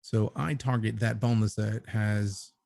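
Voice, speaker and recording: A man's voice: lowish voice, fairly even intonation, a little slow, vocal fry, darkish tone, dry recording. Dry-sounding male game player. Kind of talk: casual game chat.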